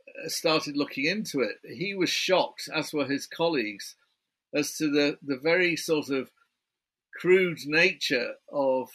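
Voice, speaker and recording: A man's voice: a little high, pushed and bright. A British man, an author guest in a remote interview, chatty and building his story point by point. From Britain.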